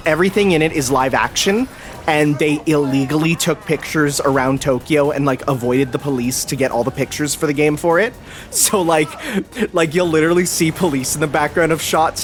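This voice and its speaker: A man's voice: on the high side, moderate pace. A young man chatting enthusiastically while commentating a video game, with lots of fillers. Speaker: host. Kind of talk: casual gameplay commentary.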